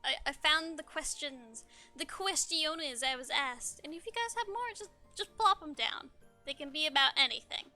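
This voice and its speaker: A woman's voice: sits high, animated, moderate pace, sharp tone, soft background music. A young woman streamer chatting casually, bubbly and giggly, often stumbling over her words. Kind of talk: casual livestream chat.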